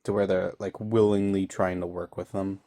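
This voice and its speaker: A man's voice: deep voice, little pitch movement, normal speed, mellow, no room sound. Laughing young man recapping an episode. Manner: rambling, laughs often, many fillers. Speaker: online reviewer.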